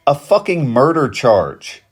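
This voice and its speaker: A man's voice: medium pitch, big pitch swings, takes it slowly, breathy edge, heavily acted. A man doing a sarcastic, edgy young guy.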